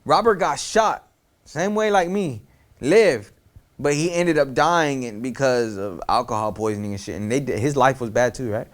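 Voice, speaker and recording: A man's voice: medium pitch, normal speed. A man telling a personal story in a casual, slangy way, often repeating phrases and asking "you know what I'm saying?".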